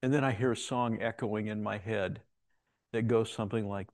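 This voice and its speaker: Gravelly man telling a rambling story. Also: on the low side, fairly even intonation, normal speed, darkish tone, no room sound. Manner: rambling, with restarts and quoted dialogue. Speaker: Christian speaker telling a story. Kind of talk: conversational storytelling.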